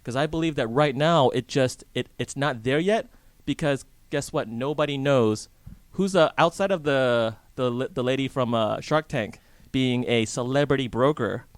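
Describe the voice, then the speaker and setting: A man's voice: mid-range voice, moderate pace, dry recording. Chatty male radio guest. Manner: chatty, asks the hosts questions, restarts often. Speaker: real estate guest. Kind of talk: casual radio interview. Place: radio studio in a hotel.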